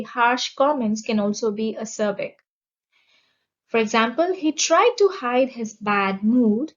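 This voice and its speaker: Teaching exam vocabulary from a script, a woman speaks at a very slow, deliberate pace and enunciates every word carefully. Her voice is fairly high, and the recording is a little dull and lo-fi.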